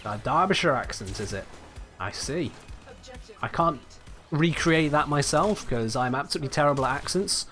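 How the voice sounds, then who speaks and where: A man's voice: mid-range voice, lively intonation, normal speed, fairly bright tone, soft background music. A man from England, chatting casually and wryly to his livestream chat while playing a game. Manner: chatty, wry, reads out and answers chat. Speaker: streamer.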